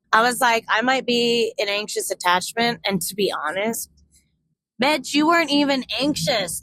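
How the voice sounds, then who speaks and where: Bright-voiced young woman telling a frank story. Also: mid-range voice, slight background noise, rough recording. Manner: frank, animated, swears freely, acts out quoted dialogue. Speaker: vlogger. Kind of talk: candid personal storytelling.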